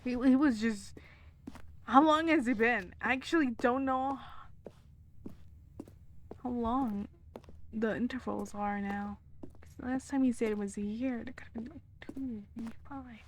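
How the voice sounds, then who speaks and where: A woman's voice: fairly high pitch, unhurried, pauses often, slight background noise. A woman streaming a video game, talking to it in anxious, chatty commentary. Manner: anxious, calling out to a game character.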